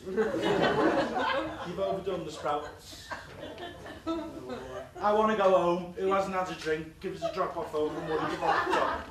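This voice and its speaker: A man's voice: high voice, lively intonation, measured pace, long pauses, roomy sound, far from the mic, heavy background noise, pitched above the performer's own voice. A man doing a whiny old nan. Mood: whining. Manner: whiny complaining. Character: fussy grumbling old grandmother at Christmas.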